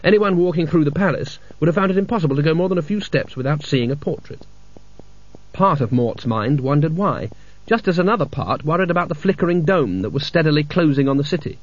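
A man reads a comic fantasy novel aloud in a dry, measured storytelling manner. His voice is a bit high for a man and slightly husky. The recording is dead dry and muffled, with a dull lo-fi tone. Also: animated, dry recording. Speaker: audiobook narrator. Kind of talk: scripted narration.

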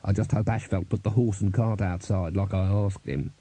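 A man's voice: low-pitched, steady tone, normal speed, warm tone, breathy edge, dry recording, pitched below the performer's own voice. A man voicing a gloomy, fatalistic male dwarf horn player who grumbles glumly in an audiobook. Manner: glum, grumbling.

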